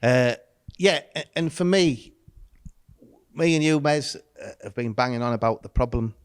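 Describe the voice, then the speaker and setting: A man's voice: mid-range voice, measured pace, clean tone, no echo, studio quality. Earnest, reflective man guest. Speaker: pastor, podcast guest. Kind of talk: casual discussion.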